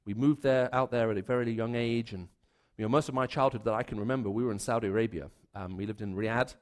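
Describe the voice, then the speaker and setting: A man's voice: mid-range voice, fairly even intonation, fast. Male preacher, conversational storytelling delivery, restarts and fillers, mid-range voice. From raised in the Middle East. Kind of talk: sermon.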